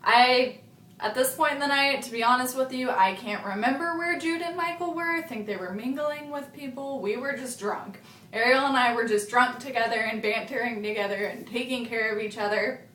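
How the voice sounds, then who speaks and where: A young woman with a fairly high voice rambles through a casual vlog story, dropping "like" every few words and swearing freely. The recording has a noticeable roomy echo, as if she is talking in a bare room. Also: moderate pace, fairly bright tone. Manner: rambling, frequent "like" fillers and swearing. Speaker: vlogger. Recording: echoey room.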